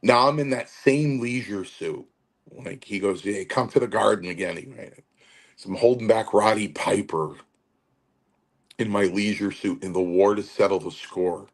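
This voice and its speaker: A man's voice: on the low side, a little slow. A man telling stories in casual chat as a guest, acting out quotes with animation. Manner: animated storyteller, acts out quotes. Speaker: wrestling podcast guest.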